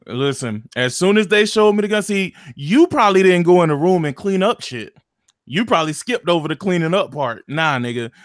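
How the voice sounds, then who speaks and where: A man's voice: high-pitched, lively intonation, fairly quick, dry recording, clean studio sound. A man, animatedly retelling a video game story in casual chat, full of slang and profanity. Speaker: gaming podcast co-host.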